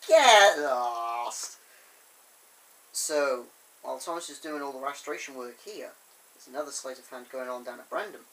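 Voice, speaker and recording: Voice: mid-range voice, brisk, fairly bright tone, rough recording. A fan vlogger rambling enthusiastically through a review, with lots of fillers, filmed on a camera on a tripod. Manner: enthusiastic, chatty, with many fillers.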